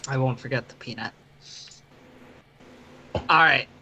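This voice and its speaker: Bright, brisk man playing a tabletop game. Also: mid-range voice, husky, dull audio. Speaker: player. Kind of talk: tabletop game role-play.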